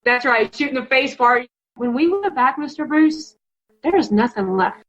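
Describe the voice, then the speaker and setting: A Colorado woman who was a finalist in a hunting contest tells her story in a casual interview, chatty, emotional, and full of "like." Her high voice is expressive and a bit bright at a normal speed. The recording sounds dull and lo-fi.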